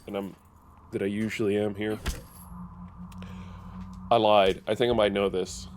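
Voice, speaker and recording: A man's voice: lowish voice, flat delivery, measured pace, slight background noise. A man streaming a game live, chatting casually and thinking aloud with plenty of fillers. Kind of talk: casual live gameplay commentary.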